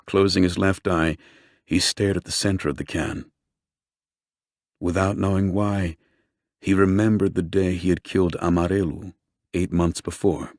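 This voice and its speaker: A man narrating a true-crime book in a steady, measured storytelling voice. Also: deep voice, no room sound, clean studio sound. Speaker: audiobook narrator. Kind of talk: scripted narration.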